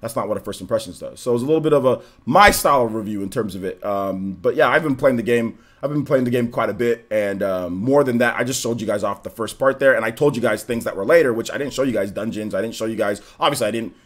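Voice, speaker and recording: A man streaming a game, chatting casually and giving shout-outs to viewers, his voice a little worn and still recovering. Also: mid-range voice, fast, hardly any pauses. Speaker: gaming streamer. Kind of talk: live stream chat, greeting viewers.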